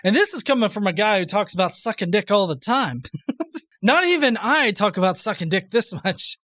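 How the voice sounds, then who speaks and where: A man's voice: sits high, animated, moderate pace, a bit bright, no echo. A man hosting a reaction commentary video, sarcastic and profane, laughing often at what he responds to.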